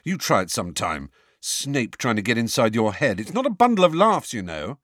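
A man reading an audiobook, voicing a frustrated teenage schoolboy who speaks flatly and with irritation. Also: lowish voice, moderate pace, no echo, studio quality. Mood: irritated. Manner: flat and irritated.

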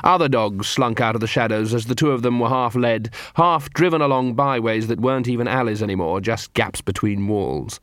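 A man narrating an audiobook in a steady, measured reading. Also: mid-range voice, no echo, studio quality. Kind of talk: scripted narration.

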